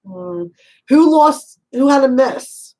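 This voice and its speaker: The audio is poor, and the woman's voice sits high with big pitch swings and vocal fry. She's a psychic medium giving a chatty, casual reading, quick to laugh, fond of "honey" and "you know," and rapid with her probing questions.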